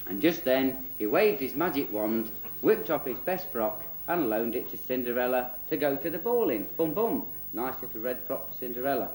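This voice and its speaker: Bloke reading a rude kids' story, cheeky and giggly, echoey room. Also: male voice, medium pitch, animated, moderate pace, darkish tone, a little hiss or hum. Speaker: presenter and storyteller. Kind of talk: comic spoof children's story. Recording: roomy echo.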